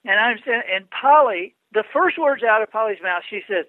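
A man's voice: high voice, expressive, moderate pace, no room sound. A man guest on an interview, telling anecdotes animatedly with frequent stammering restarts. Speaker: guest, public speaker. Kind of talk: storytelling interview. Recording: tinny phone-like line.

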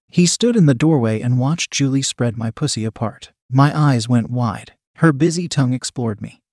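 A man narrating an erotic story in the first person, reading in an even, unhurried way. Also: medium pitch, no room sound, studio quality. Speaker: story reader.

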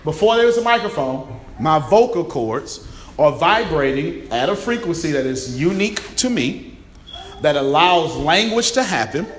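Raspy emphatic male seminar speaker. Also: on the high side, very animated, normal speed, fairly bright tone. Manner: emphatic, repeats key phrases, quizzes the audience. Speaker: motivational speaker. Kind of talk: interactive seminar talk. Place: room with a live audience. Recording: echoey room, faint ambience.

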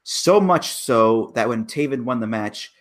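A man's voice: mid-range voice, animated, unhurried. Emphatic man picking apart a booking decision. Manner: analytical, emphatic. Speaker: wrestling podcast guest. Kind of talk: casual podcast chat.

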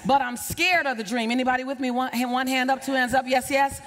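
A woman's voice: high voice, steady tone, quick pace, hardly any pauses. A woman giving a motivational speech to a live audience, telling a story with passion and repeating key phrases for emphasis. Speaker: motivational speaker. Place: stage before a live audience. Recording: long reverb of a large hall.

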